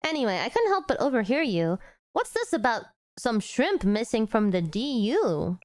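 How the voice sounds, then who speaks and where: A woman's voice: fairly high pitch, sing-song, normal speed, dry recording. A woman streamer reading a game story aloud, voicing every character herself and breaking off to laugh at her own attempts.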